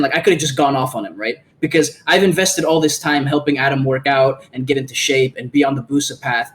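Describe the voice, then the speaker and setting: Talking fairly quickly and with few pauses, a medium-pitched man hosts a podcast in animated, casual conversation. He's profane, cursing freely, and he performs the quoted lines of people in his stories.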